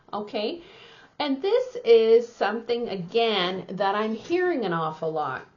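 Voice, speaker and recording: A middle-aged woman coaching on how to speak, in a measured, emphatic teaching manner that often checks in with "okay?". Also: mid-range voice, lo-fi sound. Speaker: communication coach. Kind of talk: instructional talk to camera.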